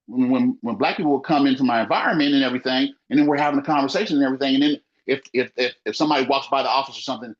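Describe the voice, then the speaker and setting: This small-business owner rattles along in a mid-range voice, rapid-fire with hardly a pause, during a casual podcast conversation. He's emphatic, says things more than once, and relies on "you know." The audio is lo-fi and muffled.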